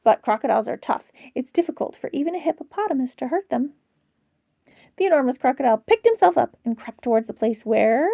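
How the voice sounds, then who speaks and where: A woman reads a children's picture book aloud at bedtime, telling it with lively drama. Her voice is high and swoops widely, with a gravelly edge. The sound is dry and close. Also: fast talker, no echo. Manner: expressive, dramatic storytelling. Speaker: storyteller.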